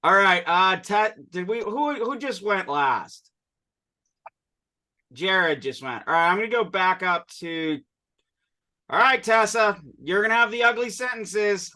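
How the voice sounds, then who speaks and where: A male teacher leading an online class, patiently correcting pronunciation and explaining with quick asides. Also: high-pitched, lively intonation, bright, forceful tone. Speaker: Sanskrit teacher.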